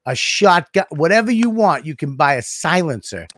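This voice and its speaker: A man with a Boston accent, hosting a casual podcast chat in a blunt, profane, gruff way. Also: a little high, big pitch swings, moderate pace, background noise. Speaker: podcast host.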